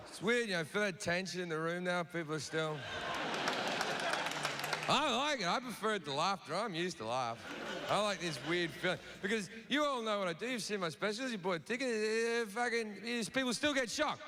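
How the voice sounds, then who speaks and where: A man's voice: high voice, expressive, brisk, a crowd in the background. A middle-aged man doing a profane, provocative stand-up routine on a big stage. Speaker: stand-up comedian. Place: large theater stage. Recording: noisy live venue recording.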